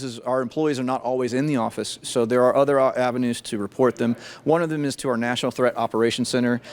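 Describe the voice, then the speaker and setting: A middle-aged man, an FBI agent, answering interview questions about scams in a measured, thoughtful way with frequent restarts. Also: mid-range voice, a little mellow.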